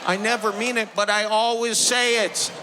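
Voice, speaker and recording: A man's voice: sits high, flat delivery, moderate pace, in a large hall, noisy background. A man from the American Midwest with an Upper Midwest accent, performing a stand-up comedy set and acting out people in dialogue. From Midwest United States. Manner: self-deprecating, acts out characters in dialogue. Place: large theater stage with audience.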